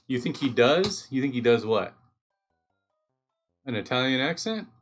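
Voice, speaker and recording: A man's voice: medium pitch, very animated, measured pace, faint music behind. A man hosting a live stream at home, chatting casually and thinking aloud as he reads, easily getting sidetracked.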